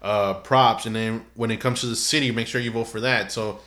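A man's voice: on the low side, steady tone, fairly quick, a bit bright. A sleepy man co-hosting a podcast, talking loosely and profanely with lots of fillers. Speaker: podcast co-host. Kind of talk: casual podcast chat.

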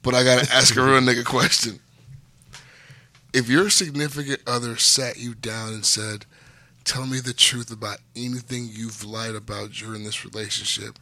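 A bright, forceful male voice with a dry, close sound. He hosts a casual podcast with his friends, telling rowdy, profane stories and laughing often. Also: mid-range voice, dry recording. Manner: loud, profane storytelling with frequent laughter. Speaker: podcast host.

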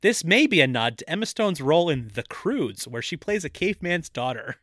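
A man's voice: a little high, very animated, brisk, a bit bright, no echo, clean studio sound. Playful male podcast co-host. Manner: playful, reading trivia aloud. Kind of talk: casual chat.

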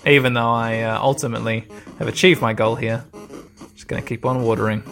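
A man's voice: mid-range voice, fairly even intonation, brisk, a bit bright, soft background music. A man casually commenting on a video game as he plays, rambling and swearing freely. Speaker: gamer. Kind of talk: casual let's-play commentary.

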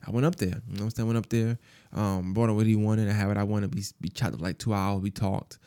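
A man's voice: fairly low pitch, fairly even intonation, quick pace, mellow, smooth, no room sound, studio quality. A man hosting a podcast, telling a personal story in a casual, rambling way, full of fillers and repeated phrases. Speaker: podcast host.

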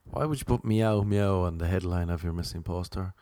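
A man's voice: low-pitched, fairly quick, warm tone. A young Irish man with an Irish accent, rambling through a loose comic monologue and drifting off on tangents. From Ireland. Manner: loose, jokey, goes off on tangents. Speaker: comedian.

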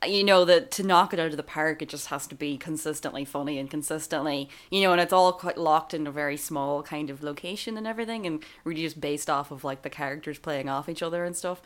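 A woman's voice: low voice, fast, hardly any pauses. A woman co-hosting a podcast, chatting casually about a film with many fillers and restarts. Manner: chatty, laughs often, trails off with fillers. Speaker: podcast co-host.

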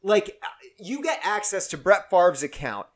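A man's voice: high-pitched, very animated, normal speed. A man co-hosting a casual sports podcast, rambling and joking as he talks. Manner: rambling, joking, self-interrupting. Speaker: podcast co-host. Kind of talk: casual chat.

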